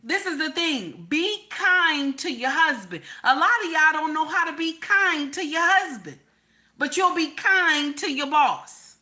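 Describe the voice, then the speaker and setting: A relationship commentator with a high, sharp voice gives advice in an unhurried but very animated monologue, profane and emphatic, hammering the same points over and over.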